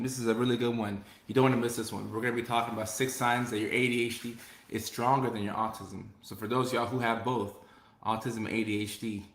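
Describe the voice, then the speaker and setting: A man's voice: fairly low pitch, a bit bright, echoey room. A man hosting a live stream, chatting casually and reading viewer comments, upbeat and prone to repeating himself. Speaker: host.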